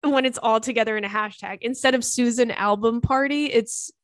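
A young woman hosts a podcast, chatting casually and reading listener messages with profane, animated asides and quick put-on voices. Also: fairly high pitch, no echo, studio quality. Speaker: podcast host.

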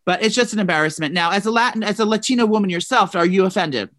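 Loud gossipy podcast cohost, cusses a lot, dry close sound. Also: quick pace, dry recording. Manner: animated and profane, with sudden jumps up in pitch. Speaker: podcast co-host. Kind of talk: casual gossip chat.

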